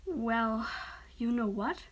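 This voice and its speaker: A woman voicing a caring, excitable teenage boy who comforts his friend, as whispered role-play. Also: fairly high pitch, slow pace. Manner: urgent then soothing, half-whispered.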